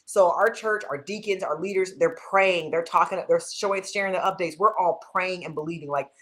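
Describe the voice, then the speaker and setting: A woman's voice: on the low side, fairly quick. A woman, a pastor, chatting casually and animatedly, often saying "like" and talking straight to the viewers. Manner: animated, uses "like" often, speaks to viewers directly. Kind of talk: casual chat.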